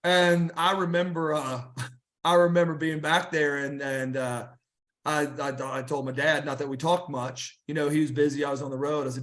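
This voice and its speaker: High-voiced man telling rambling stories. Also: normal speed. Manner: rambling, animated, frequent restarts and fillers. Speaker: guest wrestler. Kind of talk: casual storytelling interview.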